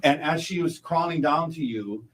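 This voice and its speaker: A man as a defense attorney cross-examining a witness in court, halting and repeating words, closing each point with a leading question. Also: a little high, poor audio.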